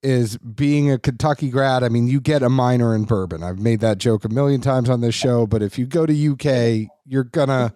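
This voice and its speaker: A man's voice: medium pitch, moderate pace, few pauses, warm tone, dry recording, studio quality. A man hosting a podcast in casual chat, rambling and self-deprecating. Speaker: podcast host.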